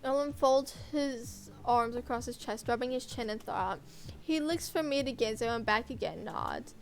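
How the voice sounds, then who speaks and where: A woman's voice: on the high side, moderate pace, faint music behind, poor audio. A woman streamer reading a horror visual novel aloud in first person, intense and dramatic, with offhand asides.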